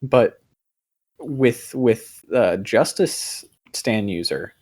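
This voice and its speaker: A man's voice: medium pitch, lively intonation, extremely slow, darkish tone. Young man rambling on a podcast. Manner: rambling, hesitant, many fillers and restarts; swears casually. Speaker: podcast co-host. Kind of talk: casual chat.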